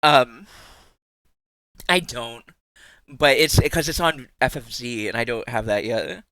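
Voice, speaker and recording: A man's voice: medium pitch, slow pace, pushed and bright, no echo. A young man streaming live, chatting casually with his viewers, teasing them, swearing freely and laughing often.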